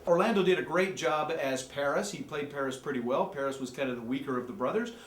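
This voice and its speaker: A man giving a joking, excitable movie review rant, from the American Midwest. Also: fairly high pitch, quick pace, reverberant, slight background noise. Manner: joking, excitable, jumps into mocking voices. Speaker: amateur movie critic.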